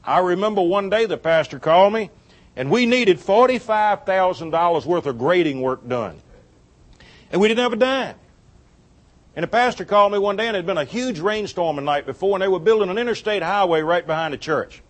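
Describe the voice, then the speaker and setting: A man with a notably high voice tells a church story as part of a sermon. He is a folksy, animated storyteller who chuckles often. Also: a little fast. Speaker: church speaker on giving.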